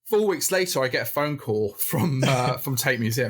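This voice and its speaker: A man from the north of England talks in a loose, chatty way, as a guest on a podcast. He tells his story in a rambling, animated manner, with many restarts and laughs. His voice sits at a middle pitch. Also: moderate pace, husky. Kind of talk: casual storytelling chat.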